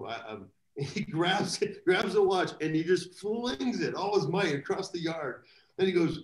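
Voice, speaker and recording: A man telling rambling, animated anecdotes as a guest in a live video chat. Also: sits high, normal speed, echoey room, low-quality recording. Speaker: guest drummer. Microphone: video call.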